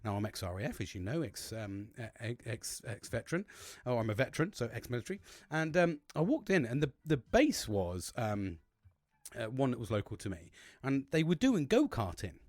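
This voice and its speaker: A man's voice: medium pitch, moderate pace, no room sound. A man hosting a podcast, telling a long story casually, rambling and swearing often. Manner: animated, heavy swearing, rambling with restarts. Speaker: podcast host.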